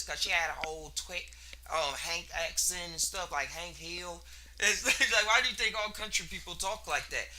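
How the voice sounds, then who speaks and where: High, bright-voiced man musing casually. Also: moderate pace, a little hiss or hum. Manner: rambling, laid-back, slangy, laughs between thoughts. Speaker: podcast host. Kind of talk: casual solo monologue.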